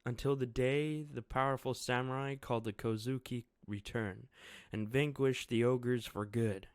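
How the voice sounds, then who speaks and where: A man's voice: medium pitch, fairly even intonation, moderate pace, clean tone, no room sound, studio quality, natural voice. A man voicing a stern but kindly masked samurai who speaks firmly and reassuringly. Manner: firm, reassuring.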